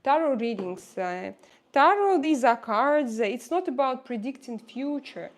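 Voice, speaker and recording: Russian-accented woman hosting a casual livestream, halting and searching for words. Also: fairly high pitch, lively intonation. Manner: hesitant, searching for words with many fillers. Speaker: livestream host reading viewer chat.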